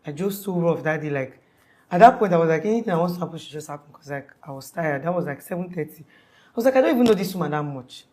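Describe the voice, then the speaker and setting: Young woman telling her witness story, kinda low voice, rambly, keeps acting out what people said. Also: expressive, fast talker, mellow. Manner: acts out quoted voices, rambling with many restarts. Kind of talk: emotional storytelling in an interview.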